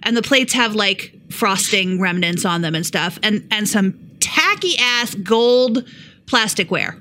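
A woman's voice: mid-range voice, lively intonation, unhurried, bright, forceful tone, slight background noise. A woman co-hosting a podcast, telling a profane story in casual chat and acting out the quoted lines with animation. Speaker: podcast co-host.

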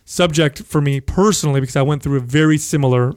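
A man hosting an interview, asking questions in a relaxed, conversational way and sharing his own experience. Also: a little high, fast, dry recording, studio quality. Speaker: interviewer host.

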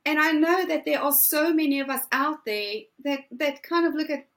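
A woman in her forties, a guest coach giving emphatic, animated motivational talk. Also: high-pitched. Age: 40s. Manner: emphatic, animated, drawn-out phrasing.

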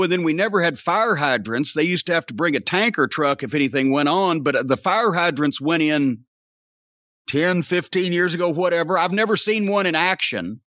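Podcast host, 60s, drawl, profane sarcastic ranter, high bright voice, dry slightly dull mic. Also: male voice, no room sound. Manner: profane, ranting, sarcastic storyteller. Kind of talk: casual podcast rant.

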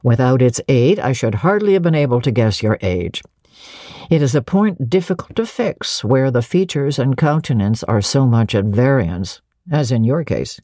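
A woman voicing a brusque, commanding middle-aged gentleman who questions curtly and gives orders. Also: very deep voice, lively intonation, moderate pace, no room sound, clean studio sound. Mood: imperious. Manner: curt, imperious questioning.

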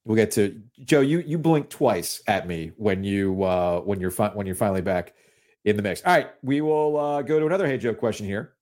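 A sports podcast host with a lowish voice and moderate pace chats casually. He's animated and jokey, launching into mock-indignant rants.

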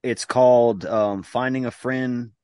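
A man's voice: medium pitch, steady tone, measured pace, darkish tone, clear, resonant tone, dry recording. A man hosting a podcast in casual chat, laid-back and joking as he introduces a game. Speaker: podcast host.

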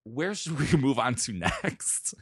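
A man co-hosting a podcast in casual chat, talking in an animated, indignant way and laughing often. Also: medium pitch, slow pace, husky, dry recording, studio quality. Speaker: podcast co-host.

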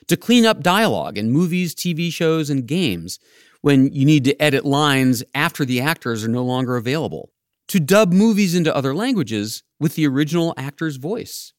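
A man's voice: medium pitch, no echo, studio quality. A man hosting a podcast, narrating his script in a wry, playful way. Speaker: podcast host.

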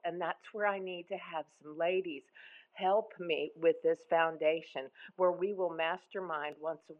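Emotional woman from Texas, phone-like sound. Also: on the low side. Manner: emotional, rambling, enthusiastic. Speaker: speaker sharing her story. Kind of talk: casual sharing in an audio chat room. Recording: phone-like line.

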